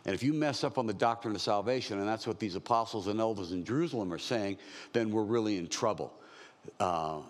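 Chatty pastor in a reverberant hall. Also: male voice, lowish voice, a little fast. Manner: conversational, joking asides. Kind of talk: sermon, verse-by-verse teaching.

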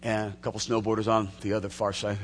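A man preaching a sermon as a pastor, telling stories in an animated way with restarts and laughter. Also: fairly low pitch, fast, long reverb tail, a little hiss or hum.

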